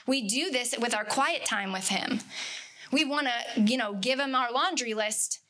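A woman's voice: on the high side, a little slow, sharp tone. A woman leading a casual Bible study, earnest and conversational, repeating words for emphasis.

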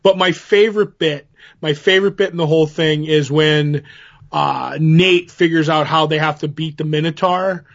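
A man co-hosting a casual TV podcast, chatty, quick to agree and to laugh along. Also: on the high side, steady tone, vocal fry, a bit bright, highs cut off. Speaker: podcast co-host. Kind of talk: casual TV recap chat.

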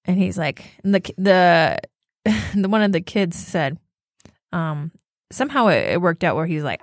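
A woman's voice: fairly low pitch, lively intonation, a little slow, no room sound, studio quality. A woman co-hosting a podcast, telling a story in casual chat and laughing through her words. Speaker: podcast co-host.

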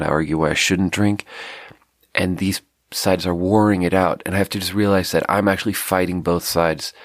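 Deep-voiced guy with a blocked nose, a slight south african slip, musing on his podcast, self-deprecating, dry close sound. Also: a bit bright, no room sound. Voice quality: stuffy nose. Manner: rambling, self-deprecating, reflective. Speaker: podcast host. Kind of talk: casual solo podcast monologue.

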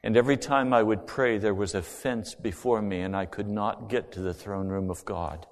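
A middle-aged man preaching a sermon, telling a personal story earnestly and swinging between hushed and loud delivery. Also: fairly low pitch, steady tone, moderate pace. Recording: long reverb of a large hall.

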